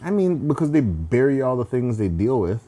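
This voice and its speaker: A man co-hosting a podcast in casual chat, animated and quick to act out bits. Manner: animated, acts out loud high-pitched impressions while laughing. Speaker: podcast co-host.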